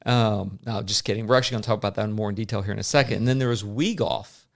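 Rambling, chatty podcast dad. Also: male voice, on the low side, rapid-fire, vocal fry. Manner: rambling, chatty, many fillers. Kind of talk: casual chat.

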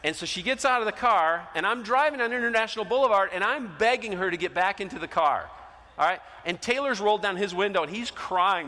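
Bright-voiced male pastor in a reverberant hall. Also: high voice, expressive, quick pace. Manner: storytelling, acts out quoted voices, shifts loud to soft. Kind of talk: sermon. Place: large church hall.

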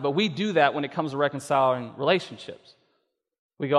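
A man's voice: fairly high pitch, fast talker. A male pastor preaching a sermon, acting out voices and building to emphatic peaks. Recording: long reverb of a hall.

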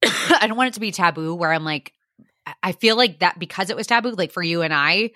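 A woman's voice: lowish voice, a little fast, pushed and bright, no echo, clean studio sound. A woman in her thirties co-hosting a podcast, chatting casually, swearing freely and acting out stories. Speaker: podcast co-host. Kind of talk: casual chat.

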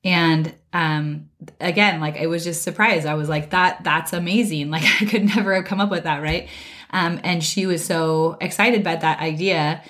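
Hoarse woman with a cold, low raspy voice, chatty podcast host, lots of ums and little laughs. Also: fairly even intonation, moderate pace, fairly bright tone. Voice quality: raspy, slightly heavy breathing. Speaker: podcast host, wellness and life coach. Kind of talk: casual solo podcast talk.

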